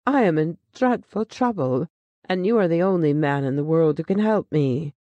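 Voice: medium pitch, animated, moderate pace, mellow, dry recording, dull audio, close to an everyday voice. A storyteller reading the lines of a tormented businessman who pleads in desperation. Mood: pleading. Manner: pleading, agitated.

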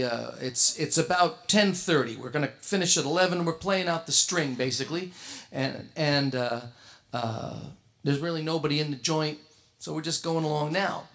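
A middle-aged man, a jazz guitarist and singer, telling a funny story on a concert stage, lively and full of restarts. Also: fairly high pitch. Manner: animated, comic storyteller with frequent laughs and restarts. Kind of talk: anecdotal storytelling at a tribute concert. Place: concert stage before an audience.

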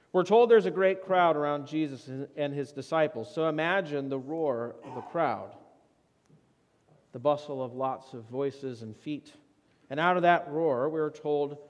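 A male pastor delivers a sermon in a fairly high voice. He guides listeners through imagined scenes, climbing to urgent cries and sinking to near-whispers. The sound rings with long reverb from a church sanctuary. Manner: guided imagery, dramatic rises and hushed drops.

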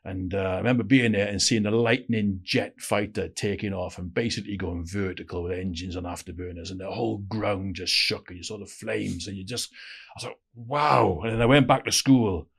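A man's voice: lowish voice, steady tone, a little fast, vocal fry, husky. Welsh man in his fifties telling stories. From South Wales. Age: 50s. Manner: chatty and anecdotal, with repeated filler tags. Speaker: guest, former intelligence officer. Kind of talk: conversational storytelling.

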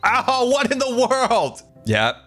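A man's voice: very high voice, wildly swooping pitch, slow, fairly bright tone, soft background music. A man giving casual, playful commentary over his game footage, giggling often and reading things out with theatrical flair. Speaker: Minecraft let's-play host.

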